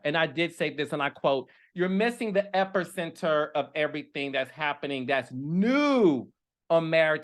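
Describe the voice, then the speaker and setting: A man with a high-pitched, slightly bright voice hosts a podcast of casual commentary. He talks in a sassy, emphatic way, often tagging his points with "okay?" and "honey."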